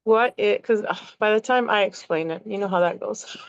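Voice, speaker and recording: A woman's voice: medium pitch, normal speed, smooth, dry recording. A middle-aged woman hosting a casual podcast, reading aloud and chatting, profane and laughing at herself. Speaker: podcast host. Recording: dull, dry lo-fi audio.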